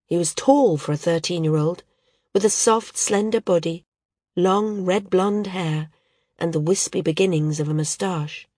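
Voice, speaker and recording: A woman with a lowish voice reads a novel aloud in calm, measured narration. The recording is dry and close, with no echo. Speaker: audiobook narrator. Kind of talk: scripted narration.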